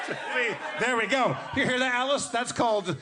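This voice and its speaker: A man co-hosting a live comedy podcast on stage, stammering through restarts and cursing freely. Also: very high-pitched. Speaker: podcast co-host. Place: live stage before an audience. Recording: live show with audience noise.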